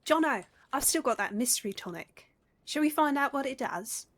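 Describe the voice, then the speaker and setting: A woman's voice: high voice, animated, moderate pace. A British woman in casual in-character roleplay chat, blunt and swearing freely. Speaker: roleplay player.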